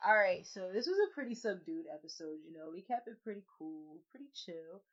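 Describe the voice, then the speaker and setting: A woman co-hosting a podcast in casual chat, loud and animated, swearing and acting out quotes. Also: on the low side, brisk. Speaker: podcast co-host. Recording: dull lo-fi podcast audio.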